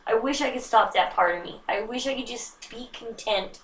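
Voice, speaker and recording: Chatty lady vlogging, kinda high voice, sits back from the mic in a roomy echoey room. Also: normal speed, distant mic. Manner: chatty, self-mocking, animated with sudden hushed asides. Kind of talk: casual chat to camera. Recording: roomy echo, slightly off-mic.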